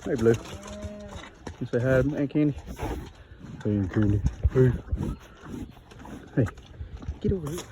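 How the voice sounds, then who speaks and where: Filming on a phone held in one hand, a man casually narrates his farm chores outdoors, talking to his animals and calling them over. His voice is mid-range with lively intonation at a measured pace with long pauses, recorded as noisy outdoor phone audio.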